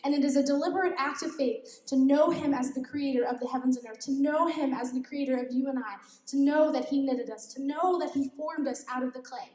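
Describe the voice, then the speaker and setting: Speaking briskly with hardly a pause, a young woman delivers a casual youth devotional, laughing a lot and making self-deprecating, giggly remarks. Her voice is high yet darkish in tone, and the room echoes.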